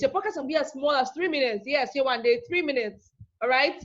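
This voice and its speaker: A woman's voice: high voice, a little fast. Chatty woman teaching online, lo-fi. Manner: chatty, teasing, repeats herself with "okay?". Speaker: online class instructor. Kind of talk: live online teaching session. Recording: dull lo-fi.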